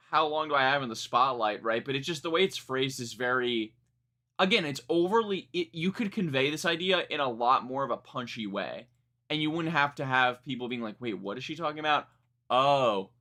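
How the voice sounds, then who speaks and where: A young man with a bright, forward voice gives a live song reaction in casual chat. He rambles, restarts his sentences and swears freely as he picks apart the lyrics. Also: on the high side. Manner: rambling, self-correcting, frank and profane. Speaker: music reaction streamer.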